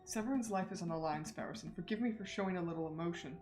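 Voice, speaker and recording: A woman reading the lines of a stern, determined male detective bird from a game on a livestream, in a steady, earnest voice. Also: on the low side, very fast, soft background music, pitched below the performer's own voice, natural voice. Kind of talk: game dialogue read on stream.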